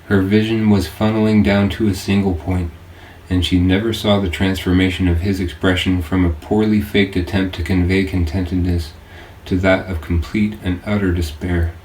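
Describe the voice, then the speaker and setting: A man narrates an audiobook in a deep, mellow voice, reading with earnest, measured delivery. He sounds set back from the mic in a roomy space. A faint hiss sits underneath. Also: flat delivery, distant mic.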